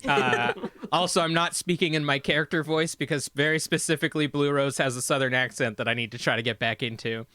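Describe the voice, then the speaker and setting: A man's voice: mid-range voice, steady tone, a little fast, sharp tone, no echo, clean studio sound. A man introducing his character as a player in a tabletop game, joking and laughing between phrases. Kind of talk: casual live-stream chat.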